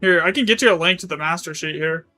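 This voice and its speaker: A man's voice: a little high, fast, bright, forceful tone, soft background music. A man streaming a game live, chatting casually in a rambling way, correcting himself as he goes and swearing now and then. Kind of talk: live gaming stream chat.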